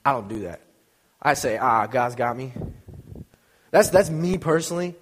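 With lively intonation at a moderate pace, a young male preacher gives a casual, joking sermon in a mid-range voice, acting out little scenes from his stories. Long hall reverb fills the recording, along with slight background noise.

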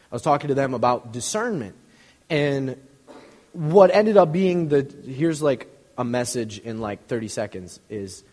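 A man preaching a casual, rambling sermon in a church, building up to shouting. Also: mid-range voice, big-room sound. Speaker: pastor. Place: church sanctuary.

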